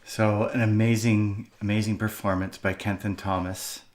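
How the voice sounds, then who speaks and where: A man's voice: fairly low pitch, flat delivery, normal speed. A man hosting, commenting reflectively with a thoughtful, hesitant manner and many fillers. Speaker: host.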